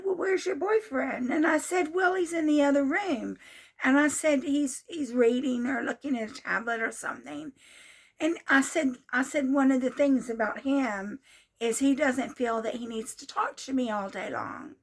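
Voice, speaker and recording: A woman's voice: high voice, fairly bright tone. A woman in her sixties telling a personal story in a casual monologue, repeating herself in an exasperated way. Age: 60s. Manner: repetitive, exasperated retelling. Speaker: vlogger.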